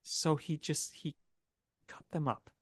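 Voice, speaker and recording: Sports podcast co-host, casual chat, animated, incredulous, dry close mic. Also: mid-range voice, slow pace, husky, no room sound.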